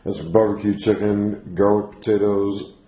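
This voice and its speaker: A man's voice: fairly low pitch, steady tone, a little slow, mellow. A young man chatting casually in a couple's home vlog, joking around and slipping into silly put-on accents. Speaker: vlogger.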